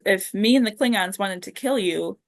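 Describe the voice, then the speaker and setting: A woman's voice: medium pitch, moderate pace. A woman playing a tabletop game who argues in character in an earnest, persuasive way and presses with questions. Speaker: player. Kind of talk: tabletop role-play.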